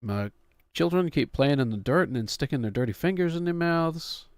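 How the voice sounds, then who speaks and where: A man's voice: a little high, animated, moderate pace, clear, resonant tone, dry recording, studio quality. A man in his thirties, a streamer who chats casually in a rambling, wry, self-mocking way. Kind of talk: casual chat.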